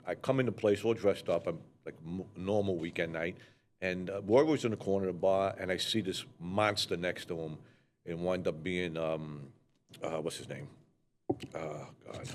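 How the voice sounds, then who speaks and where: A man's voice: deep voice, slight background noise. Blunt, swearing older New York man. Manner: blunt, rambling, swears freely. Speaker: co-host telling stories. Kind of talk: casual storytelling conversation.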